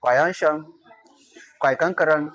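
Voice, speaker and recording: Slow, careful Nigerian-accented language teacher. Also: medium pitch, a bit bright, low-quality recording. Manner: slow, repeats words for careful pronunciation. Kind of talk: informal language lesson.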